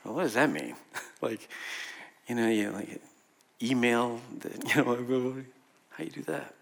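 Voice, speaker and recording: A pastor preaches conversationally to a room of people, often laughing and putting questions to the audience. His medium-pitched voice is creaky and moves at a moderate pace.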